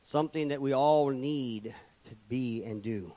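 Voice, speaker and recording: A man's voice: mid-range voice, a little slow, mellow. A man preaching a sermon from the pulpit, building points through repetition and calling out for amens. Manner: preaching with rhetorical repetition and calls of amen. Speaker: pastor. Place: church.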